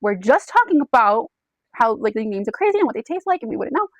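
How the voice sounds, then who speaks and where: A woman's voice: a little high, big pitch swings, fast talker, no echo. A woman voicing a friendly, chatty young woman who plays matchmaker, in a casual book retelling. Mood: breezy.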